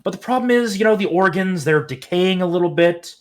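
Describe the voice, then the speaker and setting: A man voicing a cold, smug male anatomist surgeon who speaks calmly, with menace and a lecturing tone. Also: sits high, brisk, voice pushed up.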